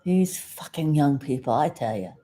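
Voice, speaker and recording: A woman from South Florida chatting casually to camera as a vlogger, folksy and rambling, with sudden loud outbursts followed by sheepish apologies. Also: low voice, expressive, unhurried. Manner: folksy, talks aside to her dog.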